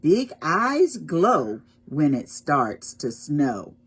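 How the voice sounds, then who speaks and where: Brief: wide-eyed storybook cat, read by a woman, husky, lively pitch. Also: very slow, full character voice. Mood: watchful. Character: watchful house cat by the window.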